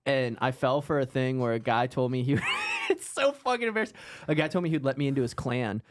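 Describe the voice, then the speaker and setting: Animated male comedian, lively pitch. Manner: animated, self-mocking, quick storytelling. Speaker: guest comedian. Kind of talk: casual comedy podcast banter.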